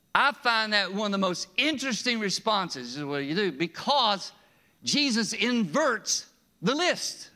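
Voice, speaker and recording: A man preaching a sermon in a conversational, animated way, with rising emphasis and frequent chuckles. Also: high voice, measured pace. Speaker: pastor.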